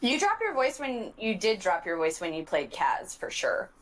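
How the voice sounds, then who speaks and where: A woman's voice: mid-range voice, wildly swooping pitch, moderate pace, fairly bright tone, low-quality recording. A woman player on a podcast Q&A, chatting casually and emphatically. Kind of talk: podcast Q&A chat.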